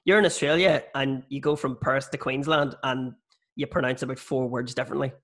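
An Irish man talking quickly, spinning profane anecdotes in a loose podcast conversation. His pitch sits at an ordinary middle height, and he tells his stories with a comic's timing. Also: steady tone, a bit bright. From Ireland. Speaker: stand-up comedian. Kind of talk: casual podcast chat.

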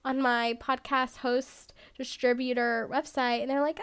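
Woman podcast host, high clear voice, casual rambling chat, self-deprecating. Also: level tone, measured pace, few pauses, a bit bright.

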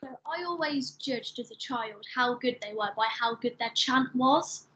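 A woman's voice: fairly high pitch, measured pace, pushed and bright. A woman chatting fondly as a guest, easygoing with laughs. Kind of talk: casual fan chat. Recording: muffled with faint background noise.

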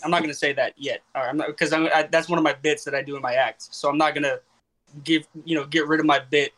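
A young man talks through his thoughts on a podcast, rambling and circling back on himself as he goes. His voice sits a little high, and his tone is bright and ringing. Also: fairly even intonation, fast talker. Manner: rambling, self-questioning, many restarts. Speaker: podcast host and comedian. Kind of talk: casual podcast chat.

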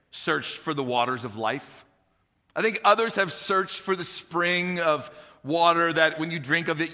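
A man's voice: a little high, pushed and bright, in a large hall. A male pastor preaching a fervent sermon in a church auditorium, asking the congregation questions. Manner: preaching with rising fervor and call-and-response questions.

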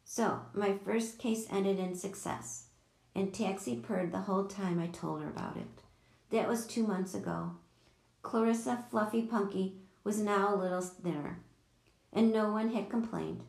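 Gravelly woman reading a storybook. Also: medium pitch, a little slow, darkish tone. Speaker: audiobook reader. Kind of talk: storybook narration. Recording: echoey room.

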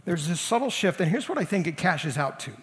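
A man's voice: sits high, big pitch swings, fairly quick, fairly bright tone, long reverb tail. A man preaching a sermon as senior pastor, talking to the congregation in a conversational and emphatic way. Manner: conversational, emphatic, leans into quoted voices.

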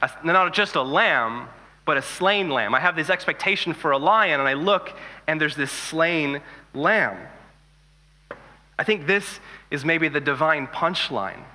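Male pastor, 30s, chatty sermon delivery with jokes, slightly high voice, long reverb. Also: measured pace. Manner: conversational, animated storytelling with jokes.

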